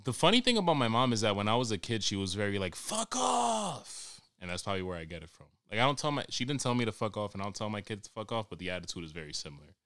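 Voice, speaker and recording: A man hosting a podcast as a crude, excitable comic monologue full of swearing. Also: on the low side, rapid-fire, hardly any pauses, clean tone, no echo, studio quality. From New York. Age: 20s. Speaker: podcast host.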